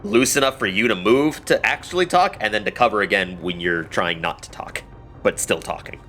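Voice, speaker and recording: A man narrating a tabletop game as game master, relaxed and a little hesitant. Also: lowish voice, normal speed.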